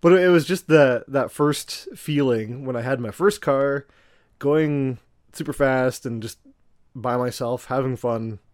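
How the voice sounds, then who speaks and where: A man's voice: medium pitch, a little slow, no room sound, studio quality. A man co-hosting a podcast, talking in a hesitant, casual way with lots of fillers. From Canada. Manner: hesitant, with many fillers and laughs. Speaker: podcast co-host.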